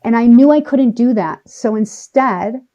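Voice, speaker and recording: Mellow-voiced woman telling an animated story. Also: a little high. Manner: animated, emphatic, speeds up and slows down for effect. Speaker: podcast guest. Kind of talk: personal storytelling in conversation.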